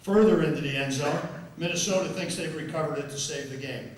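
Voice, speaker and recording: An older football official giving an after-dinner speech as guest speaker tells stories that tickle him, often repeating words. A little high and a little fast, his voice carries from afar through an echoey hall, a large members' dining room, with slight background noise.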